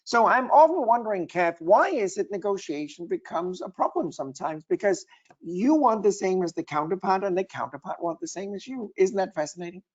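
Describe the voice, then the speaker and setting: A man's voice: high voice, expressive, a little fast, highs cut off. A man, a guest expert, presenting slides on a webinar and building his points in lists.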